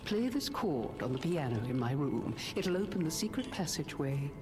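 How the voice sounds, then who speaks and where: An actress voicing a composed, gracious hotel owner woman in a video game, speaking calmly and in a measured way. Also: low-pitched. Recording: game audio over music.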